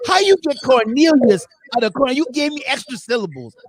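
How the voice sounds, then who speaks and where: Lively high-pitched man hosting a panel. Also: brisk. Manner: animated, laughing, repeats phrases for effect. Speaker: talk show host. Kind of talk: casual panel chat.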